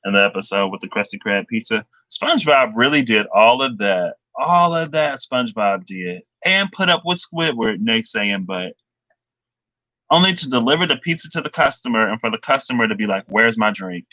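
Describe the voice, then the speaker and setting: A man giving a casual tarot reading, chatty and thinking aloud, slipping into animated retellings. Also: medium pitch, normal speed, dry recording, rough recording. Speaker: tarot reader.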